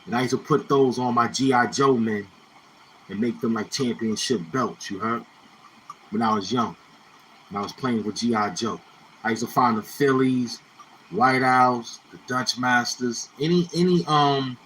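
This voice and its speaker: Dude just talking, bright voice, slangy and rambly, keeps repeating himself, faint background hum. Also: male voice, medium pitch, poor audio. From Brownsville, Brooklyn, New York. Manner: rambling, slangy, repeats phrases, laid-back reminiscing. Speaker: YouTuber. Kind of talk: casual storytelling monologue.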